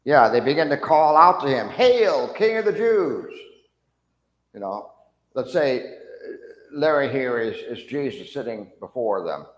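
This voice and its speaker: A man with a mid-range voice leads a church Bible class at normal speed, questioning the class and animatedly acting out the story's people, including mocking soldiers. The lo-fi audio comes from an echoey room with long reverb.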